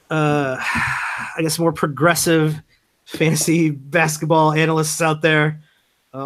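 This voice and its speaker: A man hosting a podcast in casual chat, talking loosely with lots of fillers. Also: a little high. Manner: loose, filler-heavy talk. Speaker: podcast host.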